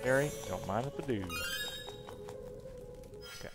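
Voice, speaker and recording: A man's voice: mid-range voice, lively intonation, measured pace, creaky, music in the background. A man streaming a retro game live, chatting with viewers, joking and muttering his moves under his breath. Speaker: gaming streamer. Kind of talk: live gameplay commentary.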